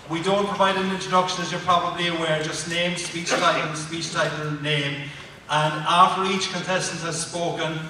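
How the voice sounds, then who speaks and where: A man's voice: fairly high pitch, sharp tone, a little hiss or hum. Joking Irish man hosting on stage. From Ireland. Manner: joking and chatty, then orderly instructions. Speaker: contest toastmaster. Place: large hall. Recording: echoey hall recorded from far off.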